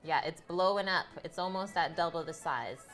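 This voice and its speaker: A woman's voice: lowish voice, moderate pace, fairly bright tone, soft background music. A woman hosting a live cooking stream, chatting and giggling with her viewers from her home kitchen. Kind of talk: casual live-stream chat while cooking.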